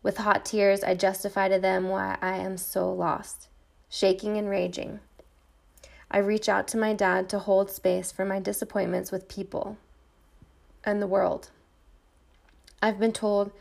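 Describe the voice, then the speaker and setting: Brief: middle-aged woman host, gravelly voice, intense monologue with repeated refrains. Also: fairly low pitch, monotone, normal speed, darkish tone. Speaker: podcast host. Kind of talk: personal monologue, read from a script.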